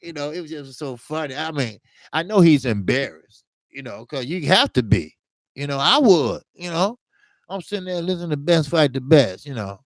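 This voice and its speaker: A man's voice: on the high side, sing-song, dry recording, clean studio sound. A man hosting a casual boxing talk livestream, telling a funny story with slang, laughing often and tagging lines with "man". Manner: drawn-out, repeats "man". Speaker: host of a boxing talk stream.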